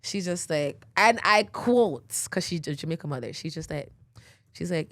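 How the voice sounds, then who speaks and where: A young woman tells a rambling story as a podcast host, her voice set slightly low. She leans on fillers and breaks into laughs often. The sound is close and dry, with no room around it. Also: lively intonation, normal speed, fairly bright tone, no echo. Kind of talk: casual storytelling.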